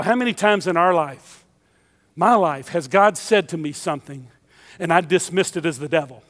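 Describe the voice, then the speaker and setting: A man's voice: high voice, a bit bright, in a large hall. A man preaching a sermon in a church, emphatic and repeating his key phrases.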